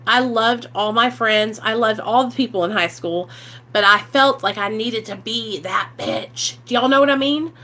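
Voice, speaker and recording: A woman, candidly telling her life story to the camera, animated and swearing freely, acting out what people said. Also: on the high side, normal speed. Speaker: vlogger sharing recovery story.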